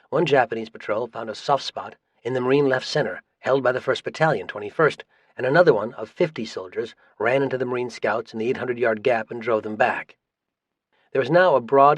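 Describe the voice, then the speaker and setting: Man reading war history, dry and steady. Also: medium pitch, no echo. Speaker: audiobook narrator. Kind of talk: scripted narration.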